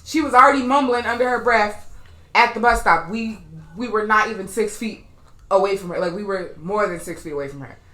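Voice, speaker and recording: Young woman podcast cohost, bright voice, tells stories loud and cussing, roomy echo. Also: medium pitch, brisk. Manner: animated, profane, loud when acting out quotes. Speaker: podcast co-host. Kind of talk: casual storytelling chat.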